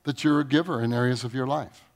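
A man preaching a sermon. He reads scripture aloud, asks the congregation questions, and swings from booming rises to low, quiet lines. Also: fairly even intonation, fast talker. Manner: preaching with sudden rises in pitch and volume, then dropping low. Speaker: pastor.

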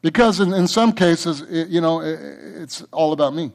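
High-voiced fervent male preacher. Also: moderate pace. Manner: fervent, repetitive, storytelling. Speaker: pastor. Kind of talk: sermon.

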